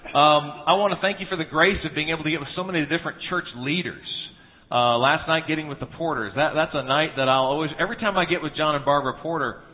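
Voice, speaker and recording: A man's voice: fairly high pitch, quick pace. A man preaching at a church conference, earnest and humorous, telling homespun stories with frequent restarts. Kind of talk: sermon with anecdotes. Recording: tinny phone-like sound in a reverberant hall.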